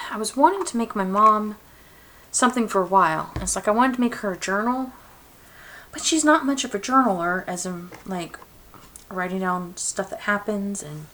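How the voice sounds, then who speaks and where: A young craft vlogger from Georgia, USA, rambles casually while working on a craft project, with many fillers and restarts. Her mid-range voice is a bit bright, and the low-quality recording carries slight background noise.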